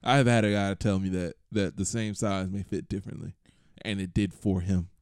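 A man's voice: low-pitched, moderate pace, clean tone, no room sound, studio quality. A young man from Georgia, co-hosting a podcast in casual, laughing chat. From Georgia, USA. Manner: animated, laughing, talks over his co-host. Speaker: podcast co-host.

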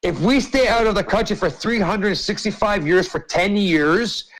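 High-pitched ranting man, swearing. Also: moderate pace, a bit bright, slight background noise, poor audio. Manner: ranting, emphatic, heavy swearing. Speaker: host. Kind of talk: open-mic group chat.

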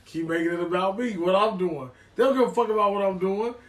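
High-voiced man telling a profane story. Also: fast, distant mic. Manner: laid-back, profane storyteller. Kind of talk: casual chat, storytelling.

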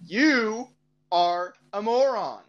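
A man's voice: sits high, animated, very slow, fairly bright tone, low-quality recording. Young man joking around on a podcast. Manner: laughs often, joking, rambling. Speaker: podcast co-host. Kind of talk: casual chat.

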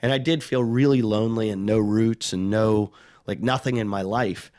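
A middle-aged man with a fairly low voice tells a long, rambling story in relaxed conversation. He mocks himself and slips into the voices of the people he quotes. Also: normal speed. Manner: rambling, self-mocking, acts out quoted voices. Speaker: touring stand-up comic, podcast guest. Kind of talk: casual storytelling chat.

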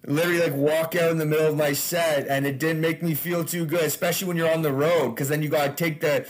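A man's voice: on the high side, steady tone, fast. A man, a stand-up comedian, chatting casually as a podcast guest, loose and laughing, with frequent swearing.

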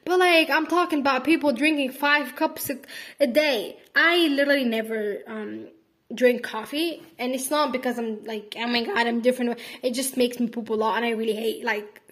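A woman's voice: on the high side, moderate pace. An eighteen-year-old woman hosting her own podcast, rambling casually with lots of fillers and calling her listeners sweetie. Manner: chatty and rambling, heavy on "like" and "whatever"; affectionate toward listeners, calls them sweetie. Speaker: podcast host. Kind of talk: casual solo podcast monologue.

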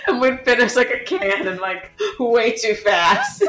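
Young woman, animated anecdotes, laughs a lot, echoey room, faint music. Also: a little high, a little slow. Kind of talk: casual storytelling chat.

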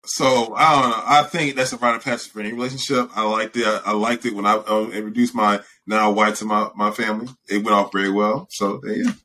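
Male co-host, bright, sharp tone, eager, stumbles over repeated words. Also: lowish voice, steady tone, fast talker, few pauses. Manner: enthusiastic, stammers and repeats words. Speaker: podcast co-host. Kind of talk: casual chat.

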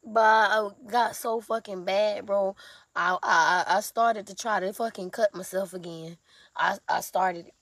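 A woman's voice: medium pitch, steady tone, unhurried, a bit bright, no room sound. A woman in an emotional confessional vlog, exhausted and sleepless, talking in raw, profane outpourings. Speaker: vlogger.

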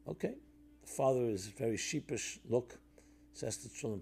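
A man giving a reflective sermon-style talk, conversational with fillers and restarts, dropping to a soft low voice when telling stories. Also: animated, moderate pace, vocal fry, a little hiss or hum.

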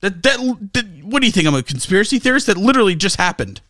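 Male sports-talk co-host, high voice, dry close mic, angry profane ranter. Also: big pitch swings, quick pace, pushed and bright, no echo. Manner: profane, ranting, sarcastic. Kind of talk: heated sports talk rant.

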